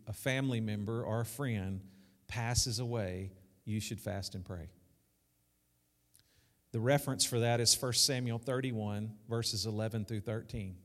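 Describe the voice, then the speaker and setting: Man preaching in an echoey church. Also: on the low side. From South Arkansas. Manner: conversational preaching with repetition and call-outs. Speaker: pastor. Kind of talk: sermon. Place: church sanctuary.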